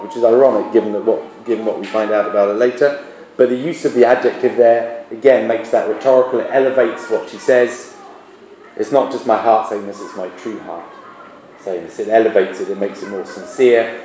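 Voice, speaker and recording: A man's voice: on the low side, darkish tone, reverberant, slight background noise, rough recording. A male literature teacher giving a classroom lesson, often restarting his sentences. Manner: halting, with many restarts and fillers.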